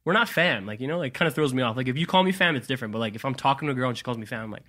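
A man's voice: medium pitch, lively intonation, very fast, sharp tone. A young man from Canada, a podcast guest, talking in a laid-back, slangy, joking way in casual chat.

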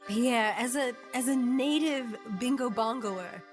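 A woman's voice: a little high, unhurried, faint music behind, close to an everyday voice. A woman playing a worried noblewoman who hesitates and frets in an improvised comedy play. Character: anxious noblewoman fretting about brigands.

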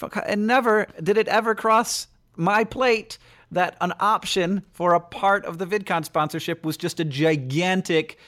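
A man's voice: sits high, moderate pace. A man co-hosting a comedy podcast, playfully teasing while reading out listener questions. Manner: playful, teasing, lively and bouncy. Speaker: podcast co-host.

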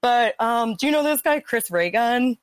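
A woman's voice: a little high, animated, normal speed, clean tone, no room sound. A young adult woman, a researcher on a podcast, chatting casually with frequent fillers and dry sarcasm. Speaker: guest, PhD researcher.

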